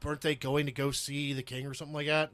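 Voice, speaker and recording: A man's voice: mid-range voice, little pitch movement, fast talker, a bit bright, no room sound. A man co-hosting a podcast who guesses trivia answers in grumpy, jokey banter full of swearing. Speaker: podcast co-host.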